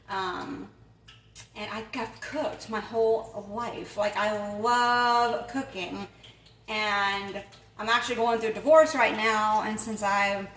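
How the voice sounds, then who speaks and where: A woman hosts a casual home cooking vlog from her kitchen, chatty, rambling, and often laughing. Her voice is a little high and a bit bright, but she's off-mic in an echoey room with faint noise.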